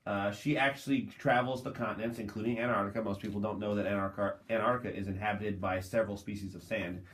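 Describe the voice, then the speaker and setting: A man's voice: on the low side, fairly even intonation, fast talker. A man co-hosting a comedy podcast, joking and laughing often in casual banter. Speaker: podcast co-host.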